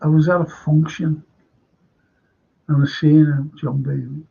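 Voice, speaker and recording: A man's voice: fairly high pitch, level tone, measured pace, gravelly, warm tone, husky. An older man with a Liverpool accent hosting a live fan stream, chatting casually, reading comments and rambling through anecdotes with restarts. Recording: dull lo-fi stream audio.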